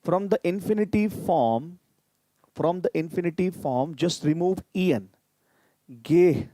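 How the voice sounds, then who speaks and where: A man's voice: high-pitched, expressive, takes it slowly, dark tone. A man teaching a live online grammar lesson, explaining patiently and repeating each example. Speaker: language teacher.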